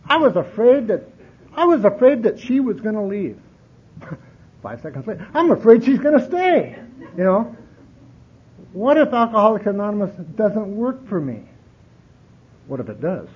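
Husky and sing-song, his voice moves at normal speed but pauses often. Sharing his recovery story at a meeting, he rambles with wry humor and many repeats, captured in dull, lo-fi audio with faint rumble.

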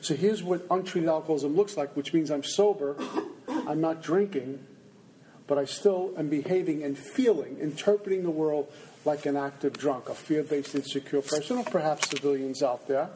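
Speaking at normal speed in a voice on the high side, a man entertains a recovery meeting crowd with humorous stories at his own expense, performing his inner voices. Background noise fills the indoor room where the audience sits.

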